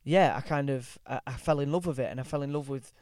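A man's voice: medium pitch, fast talker, darkish tone, no echo, studio quality. A young man chatting casually as a podcast guest, rambling with lots of ums, restarts and easy laughs, swearing now and then. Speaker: guest actor. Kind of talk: casual chat.

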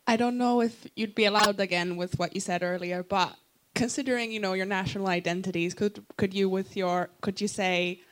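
A woman in the audience asking a question, nervous and halting, giggling as she speaks. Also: mid-range voice, steady tone.

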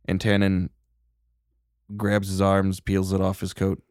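A man narrating a tabletop role-playing game as game master, in a relaxed, joking manner. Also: deep voice, measured pace, no echo, clean studio sound.

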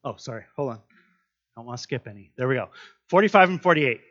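A man's voice: mid-range voice, animated, fast talker, fairly bright tone, dull audio. A man leading a casual devotional Bible teaching, chatty and earnest with lots of fillers.

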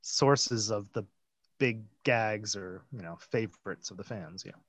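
Chatty man with quick asides. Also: lowish voice, fairly bright tone, slightly rough, no room sound. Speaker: podcast co-host. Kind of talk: casual review chat.

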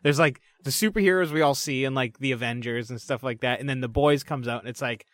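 A man with a mid-range voice chats casually on a podcast, making relaxed, joking comparisons. The recording is dry and close. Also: mid-range voice, fast, no room sound. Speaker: podcast co-host. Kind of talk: casual chat.

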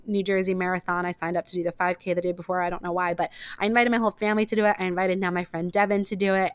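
Smooth-voiced young woman, chatty podcast host. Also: medium pitch, no echo. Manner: rambling, many "like" fillers, emotional. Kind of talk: casual chat.

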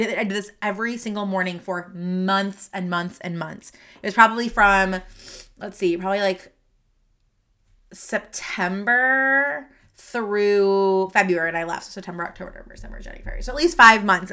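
A woman's voice: medium pitch, bright, forceful tone. A woman hosting a solo podcast from her office, talking in a chatty way with many fillers and restarts, teary and sniffly. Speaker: podcast host and career coach. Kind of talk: casual solo podcast monologue.

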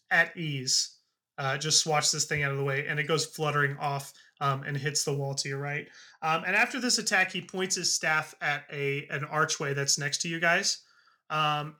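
A man narrating as game master of a tabletop game, halting with frequent ums and uhs. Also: a little high, sharp tone.

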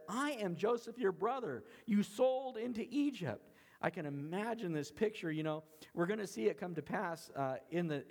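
A man's voice: fairly high pitch, in a large hall. A man preaching a sermon as pastor, in an earnest, emphatic way with repeated phrases.

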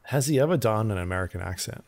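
A man co-hosting a casual podcast in a slightly low voice. He tends to ask questions and often hesitates, restarting his sentences as he goes. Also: animated, fast, gravelly, darkish tone. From Australia. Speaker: podcast co-host. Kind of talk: casual chat.

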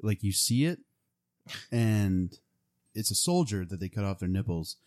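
A man's voice: on the low side, animated, unhurried, darkish tone. A man in casual chat, rambling with restarts and laughing often.

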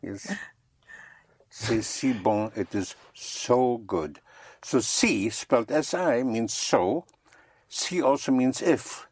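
Slow, patient French teacher with a husky voice. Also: mid-range voice, expressive, a little mellow. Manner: patient, spells words out letter by letter. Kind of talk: slow one-on-one language lesson.

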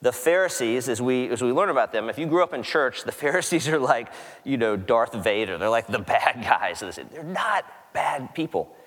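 A man preaching a sermon, telling the story in a conversational, animated way with quick asides. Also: mid-range voice. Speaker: pastor. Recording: long hall reverb.

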